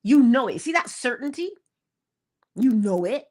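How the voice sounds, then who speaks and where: A woman's voice: fairly high pitch, sing-song, a little slow, a little mellow. A woman hosting an inspirational morning talk, casual and emphatic, repeating key phrases and laughing between points. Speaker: host.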